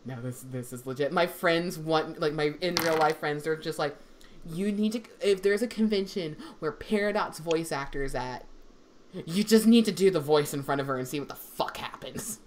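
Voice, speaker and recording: A young woman voice actor with a deep voice, chatting casually on a livestream and rambling with many fillers. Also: moderate pace, a little mellow, slight background noise. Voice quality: deep female voice.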